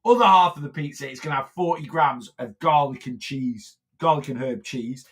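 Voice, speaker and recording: A man's voice: medium pitch, moderate pace, breathy edge. A man, a weight loss coach, chatting casually on a phone live stream, rambling with lots of fillers and restarts.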